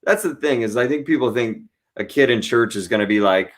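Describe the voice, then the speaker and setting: Lively comedian telling stories. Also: male voice, mid-range voice, fairly quick. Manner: animated storyteller who acts out voices. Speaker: guest comedian. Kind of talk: casual interview chat.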